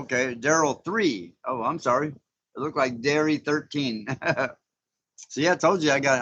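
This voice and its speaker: A man's voice: a little high, unhurried, long pauses, bright, forceful tone, muffled recording. A man hosting a casual live stream, folksy and chatty, often chuckling as he greets viewers.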